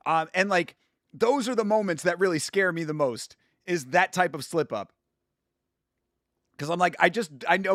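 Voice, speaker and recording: A man's voice: a little high, a bit bright, no room sound. Rambling male streamer, dry close sound. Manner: rambling, self-deprecating, laughs at his own jokes. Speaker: YouTube host doing a watch-along. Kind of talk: casual live commentary. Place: at home.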